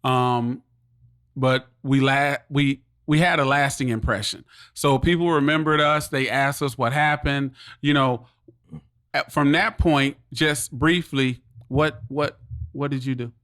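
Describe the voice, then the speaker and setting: A man's voice: medium pitch, steady tone, measured pace, a bit bright, no echo, clean studio sound. A man co-hosting a podcast, mostly giving short agreements before asking his partner a question. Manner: supportive, short affirmations, then asks questions. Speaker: podcast co-host. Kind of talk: casual chat.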